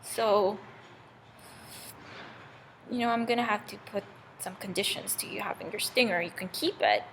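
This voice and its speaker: A woman's voice: mid-range voice, normal speed, a bit bright, a little hiss or hum, natural voice. A woman playing a stern king of the gods. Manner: scolding, firm. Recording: long reverb in a hall.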